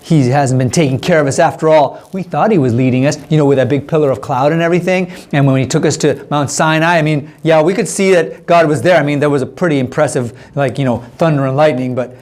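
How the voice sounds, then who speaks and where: A man's voice: fairly high pitch, fast talker, few pauses, darkish tone, voice pushed down, lightly acted. A man voicing a bitter, complaining male Israelite spy in a children's church story, speaking straight to the kids. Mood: upset.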